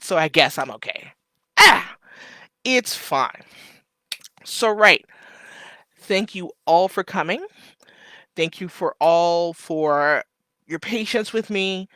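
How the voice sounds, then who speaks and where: A man hosting a livestream, chatting warmly and rambling through viewer comments, emotional and close to tears. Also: a little high, smooth, no room sound. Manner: warm, chatty, emotional, fighting back tears; loose and rambling with many fillers. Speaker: livestream host. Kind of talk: casual live chat, reading viewer comments.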